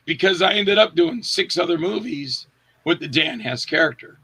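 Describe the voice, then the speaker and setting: An actor guest, male, talks at a moderate pace in a fairly high voice with a breathy edge. He tells casual set stories in an interview, bringing quotes to life animatedly with a raised voice.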